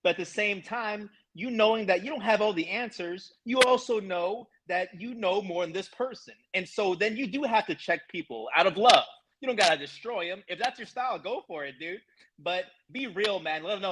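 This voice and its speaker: A man with a high voice speaks emphatically and swears freely while giving motivational talk as an interview host. He keeps it casual and matey, often saying "bro" and "man". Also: brisk, a bit bright, low-quality recording. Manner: emphatic, motivational, profane, calls listener bro.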